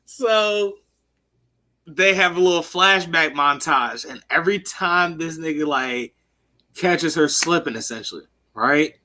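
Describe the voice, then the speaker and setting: A man's voice: fairly high pitch, animated, measured pace, pushed and bright. A man co-hosting a podcast, casually recapping a TV episode in loose, profane storytelling full of "like" and "you know". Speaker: podcast co-host. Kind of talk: casual chat recapping a TV show.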